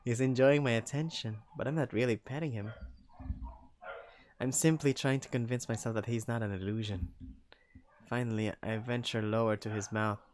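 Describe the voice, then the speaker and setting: A young man reading a first-person story aloud in an animated, jokey way, voicing the characters. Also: medium pitch, normal speed, a little hiss or hum. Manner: animated, jokey asides and laughs between lines. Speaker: story narrator.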